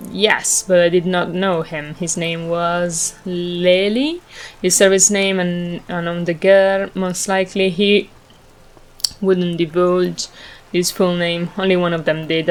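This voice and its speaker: Guarded woman informant in a game, voiced by a woman; low-pitched, measured, careful delivery. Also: little pitch movement, a little hiss or hum, lightly acted, poor audio. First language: Italian. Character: composed, guarded middle-aged woman informant.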